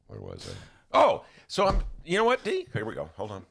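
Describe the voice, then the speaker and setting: A man's voice: fairly low pitch, moderate pace, gravelly, husky. A man hosting a casual studio podcast, his voice swinging widely up and down as he jokes. He keeps slipping into impressions. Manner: animated, jokey, slips into impressions. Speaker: podcast host. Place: radio studio.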